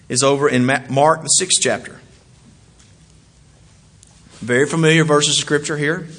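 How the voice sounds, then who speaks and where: A man preaching a sermon. He swings from loud exclamations to quiet asides, chuckles as he goes, and keeps asking his listeners questions. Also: medium pitch.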